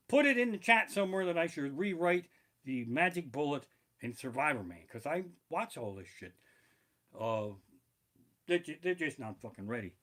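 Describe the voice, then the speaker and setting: Profane rambling comedian, bright and lively. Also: male voice, on the high side. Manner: rambling, profane, reads from notes. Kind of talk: live-streamed storytelling stand-up. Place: living room. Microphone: barebones home streaming mic.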